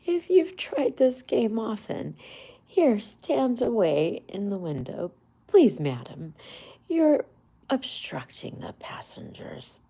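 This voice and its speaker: Lady playing a sneery ticket clerk guy, loud and mocking, raspy, storybook reading. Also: fairly high pitch, sing-song, takes it slowly, pitched above the performer's own voice, full character voice, poor audio. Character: scornful male railway ticket clerk.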